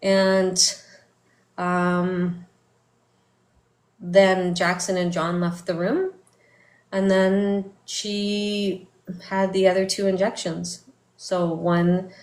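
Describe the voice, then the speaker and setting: A middle-aged woman telling a personal story in a vlog, speaking softly and haltingly, with many fillers and restarts. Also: on the low side, monotone. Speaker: vlogger. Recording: echoey room.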